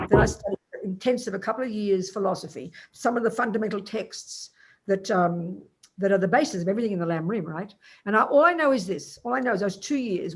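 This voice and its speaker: A woman's voice: mid-range voice, husky. An older Australian woman, a Buddhist nun, teaching a class in a blunt, colloquial, teasing way, calling listeners darling.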